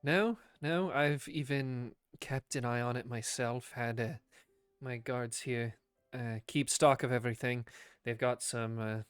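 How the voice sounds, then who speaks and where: A man playing a calm, dutiful king. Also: medium pitch, a little slow, clean tone, no echo, studio quality, soft background music, natural voice.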